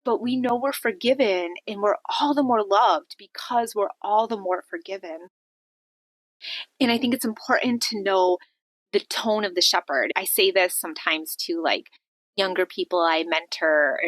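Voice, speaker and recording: A woman hosting a devotional podcast, talking earnestly and conversationally about faith, with lively shifts when she quotes others. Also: medium pitch, moderate pace, no room sound. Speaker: podcast host.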